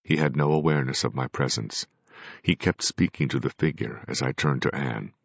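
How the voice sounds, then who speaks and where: A man narrating a first-person audiobook with measured, grave storytelling. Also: extremely low pitch, vocal fry, no echo. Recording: dry, dull lo-fi recording.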